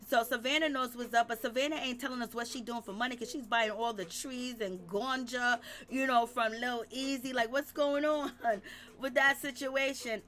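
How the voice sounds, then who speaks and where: Bright high-voiced woman recapping gossip. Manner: gossipy, laughs often. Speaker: reality TV commentator. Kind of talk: casual recap commentary.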